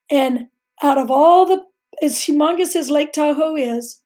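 A woman's voice: high voice, mellow. A middle-aged woman earnestly telling a vivid personal story as a guest on a faith talk show.

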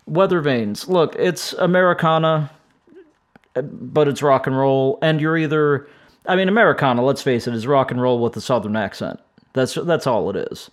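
A mid-range male voice at normal speed belongs to a middle-aged music podcast host from St. Louis, United States. Reviewing albums, he rambles in a relaxed, keen way, sounds worn out, and breaks off every so often to chuckle.

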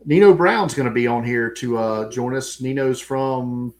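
A man with a Southern US accent, co-hosting a sports podcast in relaxed, casual chat full of fillers. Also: mid-range voice, unhurried. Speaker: podcast co-host.

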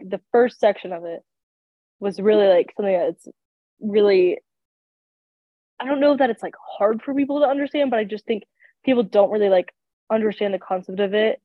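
A woman's voice: mid-range voice, no room sound. A young woman co-hosting a casual faith podcast, sounding congested and sick, rambling with lots of fillers. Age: young adult. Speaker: podcast co-host. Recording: tinny phone-like sound, dry.

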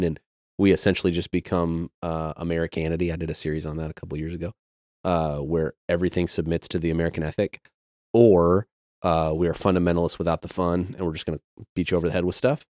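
Male pastor, podcast guest, low deep voice, dry close sound, earnest and reflective delivery. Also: a little mellow, dry recording. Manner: earnest and reflective, explaining with everyday metaphors. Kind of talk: casual podcast conversation.

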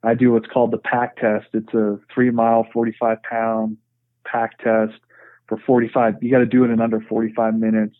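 A man's voice: lowish voice, completely flat delivery, moderate pace, no echo. A man speaking as a podcast guest, telling his story earnestly and frankly and often saying "you know". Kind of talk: conversational storytelling. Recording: tinny phone-like dry sound.

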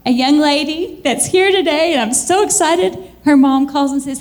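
A woman preaching a lively church sermon, chatty and animated, laughing often and jumping into high excited squeals. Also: moderate pace, few pauses. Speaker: church speaker.

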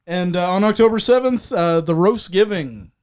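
A man co-hosting a comedy podcast, listing upcoming gigs between wisecracks. His voice sits noticeably high for a man. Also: normal speed, darkish tone, smooth. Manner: joking, wisecracking. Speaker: podcast co-host. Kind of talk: casual chat.

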